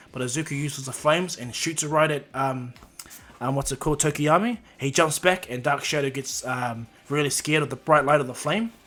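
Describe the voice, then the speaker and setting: A man's voice: medium pitch, fairly bright tone. A man casually narrating a fan story off the cuff, with many fillers and restarts.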